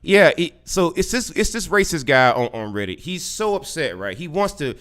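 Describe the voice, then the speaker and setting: Male podcast host, mocking and sarcastic, voice sits a bit high and swings widely, stumbles and restarts mid-sentence. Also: sing-song, normal speed, fairly bright tone, smooth. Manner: taunting, sarcastic, repeats himself; stammers and restarts often. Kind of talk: combative live podcast talk with a caller.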